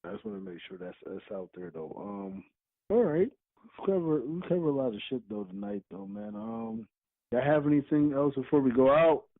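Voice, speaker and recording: A man's voice: mid-range voice, sing-song, normal speed, vocal fry, dry recording. A man co-hosting a podcast, talking bluntly with lots of swearing and laughing while he teases his friends. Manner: blunt, profane, laughs a lot while teasing. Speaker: podcast co-host. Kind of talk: casual chat. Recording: tinny phone-like line.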